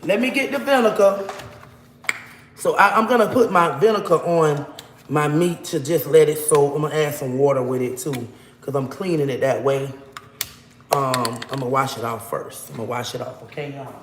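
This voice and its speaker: A woman's voice: low voice, moderate pace, reverberant, in a large hall, a little hiss or hum. A woman chatting preachily and boastfully to livestream viewers as she cooks at home, calling them baby and honey, talking into a propped-up phone. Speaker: livestream vlogger. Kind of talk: casual preachy livestream chat while cooking. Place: home kitchen. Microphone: phone propped nearby.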